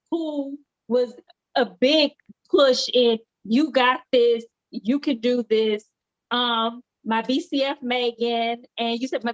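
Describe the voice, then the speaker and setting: Guest: earnest high-voiced woman, repeats lines for emphasis, dry close sound. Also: a bit bright, no room sound, highs cut off. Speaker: homecare business owner, guest. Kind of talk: casual live interview chat.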